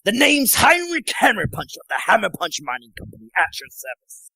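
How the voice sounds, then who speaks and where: A man's voice: high voice, huge pitch swings, fairly quick, creaky, sharp tone, slightly rough, no room sound, voice pushed up, exaggerated voice, poor audio. A man voicing a boastful male dwarf mining merchant who plugs his company in a hearty salesman's manner.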